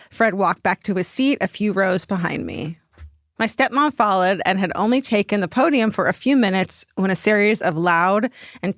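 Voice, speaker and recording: A woman co-host reads a listener's letter aloud with a storyteller's flair, leaning into dramatic pauses. Her voice sits at an ordinary middle pitch. It is recorded close and dry, with no room sound. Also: dry recording. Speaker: podcast co-host.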